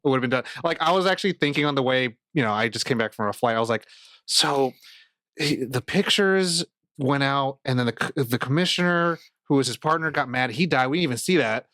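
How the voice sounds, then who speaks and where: A man's voice: medium pitch, fairly bright tone, dry recording, clean studio sound. A man co-hosting a podcast in casual chat, rambling and swearing as he acts out scenes in quoted voices. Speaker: podcast co-host.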